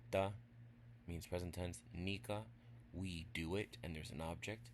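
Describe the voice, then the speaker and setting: A man giving a casual spoken language lesson, walking through examples step by step in a relaxed way. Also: low-pitched, unhurried, slight background noise. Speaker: language teacher.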